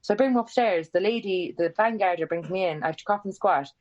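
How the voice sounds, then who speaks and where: Here an Irish woman in her twenties, guesting on a podcast, spins a story in easygoing chat at a quick clip. Animated and unbothered about cursing, she performs the quoted bits with dramatic pitch jumps, though the audio comes through dull.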